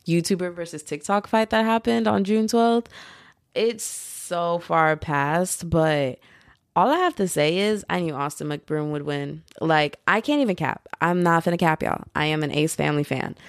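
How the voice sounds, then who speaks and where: A woman's voice: low voice, dry recording, studio quality. A young American woman hosting a solo podcast, rambling casually in slangy, chatty talk and laughing easily. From United States. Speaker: podcast host.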